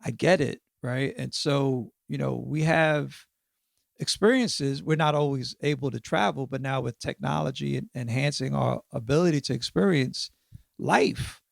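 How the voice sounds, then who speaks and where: Gravelly reflective man in his fifties. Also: mid-range voice, a little slow, no room sound, studio quality. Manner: reflective, peppers talk with "right?" and "you know". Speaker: podcast guest, author. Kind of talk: casual interview conversation.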